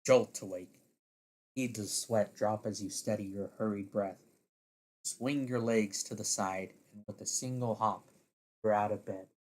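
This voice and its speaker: A man narrating a second-person audio story in a deliberate way, now and then laughing at his own slips. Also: on the low side, fairly even intonation, darkish tone.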